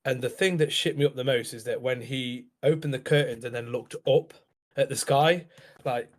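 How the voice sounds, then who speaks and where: A young man, telling a ghost story in casual podcast chat in a rambling, halting way. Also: medium pitch. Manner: rambling, halting, laughs through his words. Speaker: podcast co-host.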